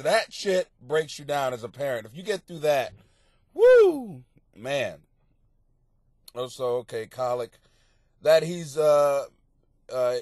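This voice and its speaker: A brash man answers listener questions in a casual podcast monologue, his voice a bit higher than most. He is blunt and crude, swears freely and bursts into loud rants. The sound is close and dry, with no room around it. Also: dry recording. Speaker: podcast host giving advice.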